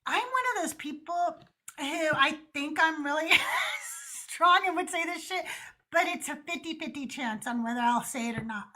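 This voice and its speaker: High, bright, animated woman host. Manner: animated, swears freely, quick storytelling. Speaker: podcast host. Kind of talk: casual chat.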